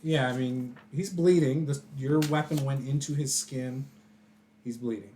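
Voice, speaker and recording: A man's voice: medium pitch, unhurried, dark tone, a little hiss or hum. A man running a tabletop game as game master, describing the action casually with fillers and laughs.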